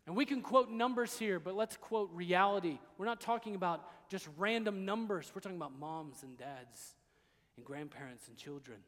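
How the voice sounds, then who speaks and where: High-voiced preacher with big dynamic swings. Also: male voice, lively intonation, moderate pace, in a large hall. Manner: swings between quiet, hushed passages and loud, emphatic declarations. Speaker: pastor. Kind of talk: sermon.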